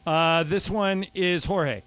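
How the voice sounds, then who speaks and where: A man hosting a sports radio show, running a trivia quiz in a brisk, jokey way and keeping score. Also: high voice, fairly bright tone, clear, resonant tone. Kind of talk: casual sports radio banter.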